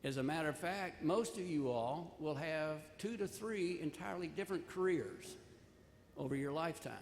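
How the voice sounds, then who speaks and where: A man's voice: a little high, moderate pace, slight background noise. An older man giving a commencement speech, telling a folksy personal story and offering earnest advice. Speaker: commencement speaker. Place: large ceremony hall. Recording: echoey hall, long reverb, faint ambience.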